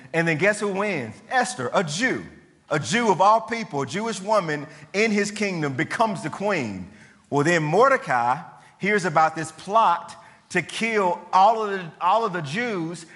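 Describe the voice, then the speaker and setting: A man delivers a sermon in a fairly high voice, telling the scripture story in lively, slangy, conversational terms. His words ring out with a long reverb, as if in a large hall. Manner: animated, colloquial storytelling with slang. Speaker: preacher.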